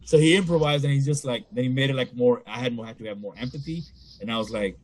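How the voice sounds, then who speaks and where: A young man from the Toronto area casually telling a story on a podcast, swearing, laughing, and jumping into high voices at the punchlines. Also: fast talker, slight background noise. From Canada, Toronto area.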